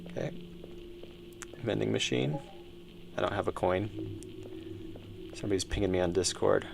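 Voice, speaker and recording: Low gravelly guy streaming a horror game, thinking out loud, reading dialogue, some music going quietly. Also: moderate pace. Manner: musing, reads game dialogue aloud. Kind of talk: casual game commentary.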